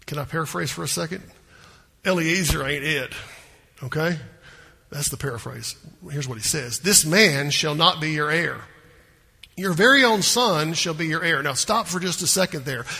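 A man's voice: a little high, sharp tone, husky. A man preaching a sermon in a church, folksy and conversational, full of rhetorical questions to the congregation. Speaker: pastor. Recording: hall reverb.

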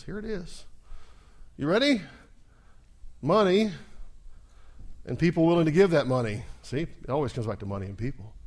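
A male pastor with a fairly high voice preaches a sermon, drawing in the congregation through repeated call-and-response lines. He swings between soft asides and loud, climbing exclamations.

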